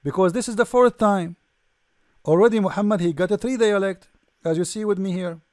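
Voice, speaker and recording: High-voiced sarcastic man lecturing. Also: fairly quick, darkish tone, dry recording, clean studio sound. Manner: sarcastic, mocking, rhetorical questions; non-native English grammar. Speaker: religious debate speaker. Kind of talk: lecture-style commentary.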